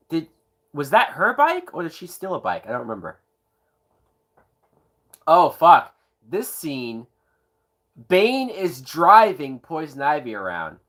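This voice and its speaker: A man's voice: a little high, a bit bright. A tipsy man giving sarcastic, profanity-laced live commentary while watching a movie, breaking into whooping laughs. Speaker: movie reviewer.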